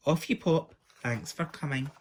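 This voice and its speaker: A man reading aloud and voicing a bossy, mischievous young girl with a sweet, giggly manner. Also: a little slow. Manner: sweet, giggly, shrill when screaming.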